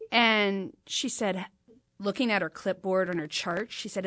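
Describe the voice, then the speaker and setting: Woman, talk show host, middle-aged, lively storytelling, acts out dialogue, dry sound. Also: medium pitch, a little slow, no echo. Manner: animated, acts out quoted dialogue.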